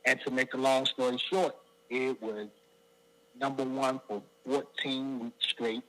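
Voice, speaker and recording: A man's voice: mid-range voice, a little slow, poor audio. A middle-aged man from the Washington DC area, a guest singer telling stories in an interview and acting out other people's lines. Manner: animated storyteller who acts out other people's quotes. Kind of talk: storytelling interview.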